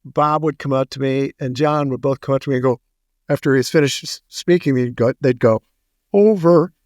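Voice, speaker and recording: This middle-aged man co-hosts a podcast in a relaxed, jokey way, telling stories and throwing in puns, quick asides and dad jokes. His medium-pitched voice keeps a fairly even intonation, and the studio sound is clean with no room ambience.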